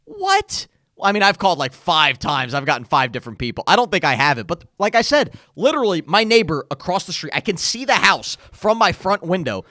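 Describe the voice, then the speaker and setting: A young man co-hosting a podcast, telling stories in a casual, animated chat. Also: a little high, a little fast, few pauses, dry recording, clean studio sound. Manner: animated storytelling, frequent "like". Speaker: podcast co-host.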